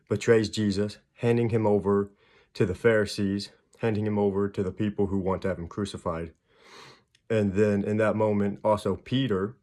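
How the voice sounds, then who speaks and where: A man casually retelling and explaining a Bible chapter, acting out the people in the stories with quick voices. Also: on the low side, darkish tone. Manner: chatty, retells scenes with quick acted voices. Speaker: Bible video host.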